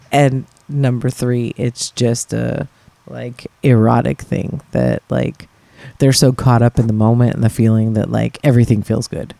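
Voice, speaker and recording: A man's voice: mid-range voice, level tone, a little slow, gravelly, mellow, no echo. Frank, joking man in dry sound. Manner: frank, joking, laughs often. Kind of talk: casual chat.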